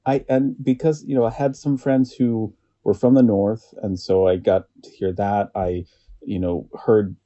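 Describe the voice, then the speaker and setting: An American man chats as a podcast guest in a low, very dark voice. He rambles and restarts his sentences. The audio is muffled and lo-fi. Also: level tone. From United States. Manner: rambling, halting, laughs often. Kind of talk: casual chat.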